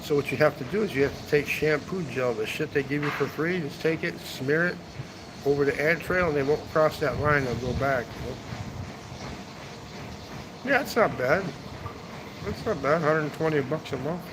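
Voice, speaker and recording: A man's voice: on the high side, moderate pace, background noise. Rambling, foul-mouthed man on a rooftop. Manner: rambling, profane, tags sentences with "man". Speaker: travel vlogger. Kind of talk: casual livestream chat. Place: hotel rooftop seating area, outdoors.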